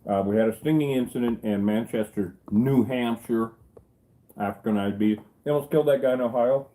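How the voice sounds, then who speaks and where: Speaking fairly quickly in a mellow, medium-pitched voice, this middle-aged man, a beekeeper and channel host, rambles through casual stories full of jokes and salty remarks. The recording quality is poor.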